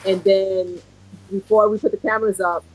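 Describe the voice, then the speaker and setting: A woman who teaches school, chatting casually as a podcast co-host and telling lively stories. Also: mid-range voice, normal speed, rough recording. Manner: chatty storyteller, lively asides. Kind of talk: casual chat.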